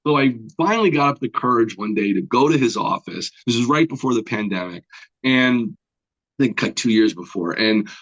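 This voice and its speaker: A man telling stories in a casual interview, with a mid-range voice. He rambles, restarts and fills gaps with little sounds. He gets animated and puts on voices for the people in his tale. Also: medium pitch, normal speed, dull audio. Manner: rambling with many fillers and restarts. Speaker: guest comic book artist.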